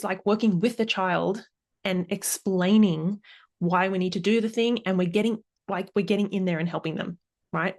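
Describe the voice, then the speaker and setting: A woman in her thirties hosting a solo parenting podcast, upbeat, laughing often and acting out examples. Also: mid-range voice. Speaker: podcast host and parenting coach.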